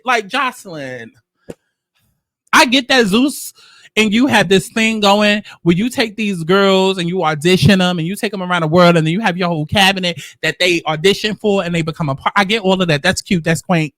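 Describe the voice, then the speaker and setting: High, bright-voiced sassy male commentator. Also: brisk, no room sound, studio quality. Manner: sassy, profane, animated storytelling. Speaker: commentary host. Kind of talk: casual reality-show commentary.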